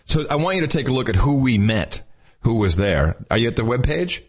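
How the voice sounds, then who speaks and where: Animated, joking man chatting. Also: medium pitch, a little fast, breathy edge. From Texas. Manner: animated, joking, lots of restarts. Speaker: podcast co-host. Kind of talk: casual chat.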